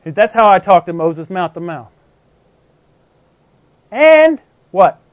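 A man's voice: sits high, very animated, takes it slowly, no echo. A man preaching a sermon in a conversational way, constantly asking the congregation rhetorical questions. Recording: dull, dry lo-fi recording.

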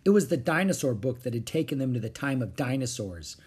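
A husky-voiced man reads a children's story aloud at a moderate pitch. His intonation rises and falls expressively across every sentence, keeping the storybook narration lively. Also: brisk. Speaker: audiobook narrator.

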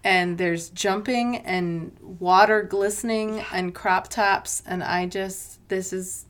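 A woman's voice: medium pitch, fairly even intonation, slow pace. A woman co-hosting a casual chat, gushing about a movie and acting out its lines. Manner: gushing, quotes movie lines in put-on voices. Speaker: podcast co-host.

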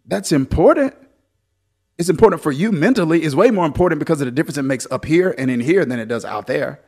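A man preaching a sermon as pastor, swinging between loud, lively exhortation and softer storytelling. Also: fairly high pitch, fast talker, breathy edge.

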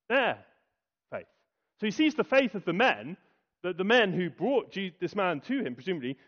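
A man preaching a sermon, asking rhetorical questions and pausing for effect. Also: on the high side. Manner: rhetorical questions, dramatic pauses and acted quotes. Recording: dull lo-fi recording.

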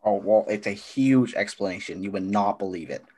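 A man's voice: fairly low pitch, darkish tone. A man doing a bumbling free diver with a strange accent. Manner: halting, hesitant and naive. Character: clueless male amateur free diver with an odd accent. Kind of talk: improvised comedy character.

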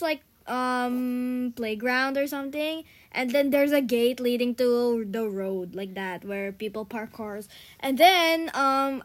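A young woman co-hosting a casual podcast, telling a story with lots of "and then, um" and giggles. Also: high voice. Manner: rambling, full of "and then, um", giggly. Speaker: podcast co-host.

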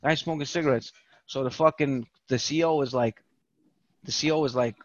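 A man's voice: medium pitch, normal speed, dry recording, dull audio. A man telling a long profane story in casual chat, acting out the voices of the people in it. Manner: animated, profane, acts out quoted voices. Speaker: podcast guest telling a story.

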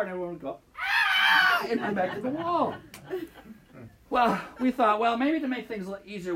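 A man preaching a sermon in an animated way, often checking in with his listeners as he teaches. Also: high voice. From Michigan.

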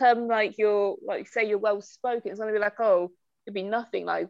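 A woman's voice: medium pitch, steady tone, fast, darkish tone, dry recording. A woman co-hosting a podcast in casual chat, blunt and swearing, often restarting her words. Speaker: podcast co-host. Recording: slightly dull, muffled sound.

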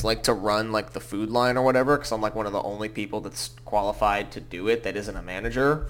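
A young man co-hosting a podcast, telling animated stories in casual chat. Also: fairly low pitch. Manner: animated storyteller, loud yelps in his anecdotes. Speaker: podcast co-host.

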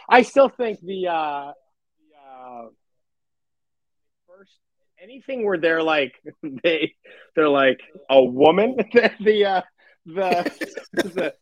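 A man's voice: fairly high pitch, no echo, highs cut off. A man co-hosting a podcast, chatting casually about a comedy film, rambling and often breaking into laughter. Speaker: podcast co-host. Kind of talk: casual movie review chat.

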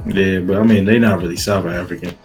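A man's voice: deep voice, steady tone, quick pace, loud music behind the voice. A man co-hosting a podcast in casual chat, slangy and profane, rambling with lots of fillers and restarts. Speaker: podcast co-host.

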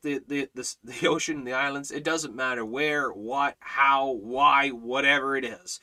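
A man leading a Bible study, preaching emphatically with repeated exhortations and swings between loud and quiet. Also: medium pitch, unhurried, few pauses. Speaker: Bible teacher.

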